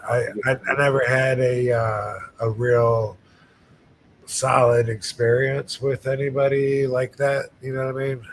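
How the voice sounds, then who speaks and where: Man, 50s, rambling casual storyteller, mid pitch, faint background rumble. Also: level tone, measured pace, rough recording. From Michigan, United States. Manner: rambling storyteller with many fillers and restarts. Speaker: podcast host. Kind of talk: casual chat.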